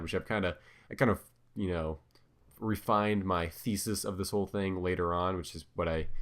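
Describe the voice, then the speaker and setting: Man, low-pitched, casual rambling commentary, hesitant, self-correcting, filler-heavy. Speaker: commentator on his own videos.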